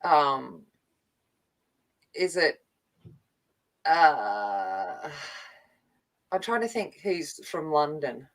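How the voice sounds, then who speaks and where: An Australian woman from a country town, co-hosting a casual livestream chat, talking in halting restarts and laughing often. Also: low-pitched, sing-song, poor audio. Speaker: co-host.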